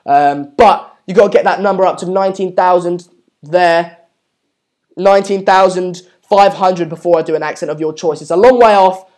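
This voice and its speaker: The host of this live football watchalong is a young man whose voice is high and a little mellow. He describes the game, reads out viewer comments, says um a lot in his chatty way, and asks people to subscribe.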